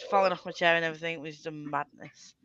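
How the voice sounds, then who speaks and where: Giggly woman, bright voice, dull dry lo-fi webcam sound, rambling live-stream host. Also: low-pitched, steady tone, fast talker, no echo. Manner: giggly, laughs often, rambling anecdotes. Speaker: livestream host. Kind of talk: casual chat on a live stream. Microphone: computer webcam mic.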